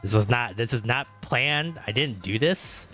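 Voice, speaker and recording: A male streamer with a bright, sharp voice chats loosely while he plays, piling up fillers and restarts and swearing freely. Every so often he breaks into loud, excited outbursts. Faint music plays underneath. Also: mid-range voice, measured pace. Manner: bursts into loud excited exclamations. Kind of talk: casual livestream chat while gaming.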